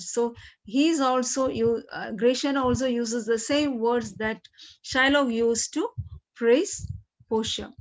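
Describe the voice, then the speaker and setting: Slow, patient woman teacher explaining. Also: a little high, steady tone. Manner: slow explaining, frequent "okay" and throat clearing. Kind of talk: classroom literature lesson. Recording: dull lo-fi recording.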